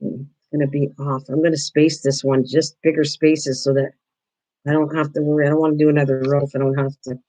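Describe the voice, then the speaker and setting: A woman's voice: sits low, little pitch movement, fairly quick, warm tone, low-quality recording. An older woman hosting a craft livestream, chatting casually with viewers while she works and often restarting her sentences. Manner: chatty, answers viewers by name, frequent restarts.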